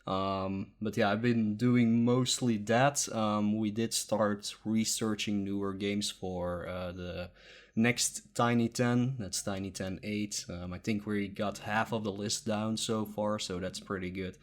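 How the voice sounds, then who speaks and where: Sleepy, halting podcast co-host man. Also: lowish voice, steady tone. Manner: halting, lots of um and uh fillers. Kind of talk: casual chat.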